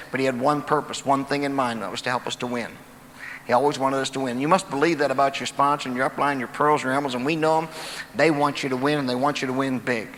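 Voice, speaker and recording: In a mid-range, fairly bright voice, a man gives a folksy motivational talk to an auditorium crowd, mixing in jokes and stories. He is a motivational speaker on stage in a large auditorium. The distant, echoey live recording has slight background noise.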